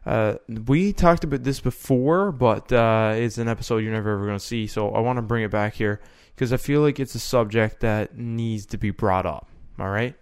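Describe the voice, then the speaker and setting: A man's voice: fairly low pitch, normal speed, hardly any pauses, darkish tone, clear, resonant tone. A young man co-hosting a casual sports podcast, rambling and often checking in with "right?". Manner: rambling, repeats himself, asks "right?". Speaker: podcast co-host. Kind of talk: casual chat.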